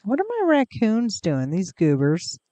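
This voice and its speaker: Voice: medium pitch, huge pitch swings, unhurried, warm tone, no room sound. A game streamer in casual gameplay commentary, chatty and rambling, cooing at pets in the game, close to a desk mic.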